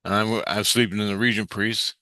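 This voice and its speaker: A man's voice: lowish voice, fairly even intonation, brisk, pushed and bright, no echo. A man telling a personal story in a casual, rambling way, cursing and restarting his sentences. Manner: rambling, profane, frequent restarts.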